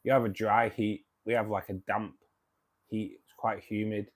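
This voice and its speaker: Chatty Manchester man, lowish voice. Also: level tone, moderate pace. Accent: Manchester English. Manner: chatty, reads and answers viewer comments. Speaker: livestream host. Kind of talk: casual livestream chat.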